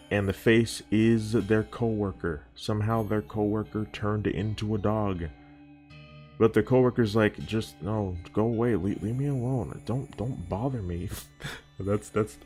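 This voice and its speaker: A man's voice: low-pitched, darkish tone. A man talking casually to camera, rambling and profane, often restarting his sentences. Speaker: youtuber. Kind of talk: casual video commentary.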